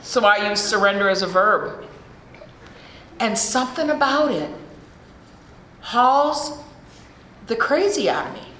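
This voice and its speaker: A woman's voice: fairly high pitch, lively intonation, slow, long pauses, a bit bright. A middle-aged American woman giving a frank, profane recovery talk at a meeting, speaking into a podium mic in a large hall. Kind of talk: recovery share speech. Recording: echoey hall with faint room noise.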